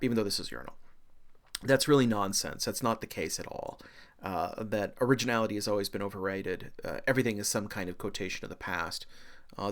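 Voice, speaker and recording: A man giving a recorded art history lecture, animated and excitable, with frequent fillers and self-deprecating dad jokes. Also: fairly low pitch, creaky.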